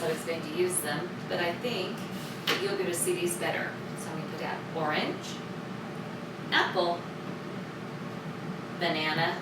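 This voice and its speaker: A woman teaching a children's music lesson, cheerful and sing-song, clapping out the words as she goes. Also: fairly low pitch. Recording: roomy, distant mic, loud background noise.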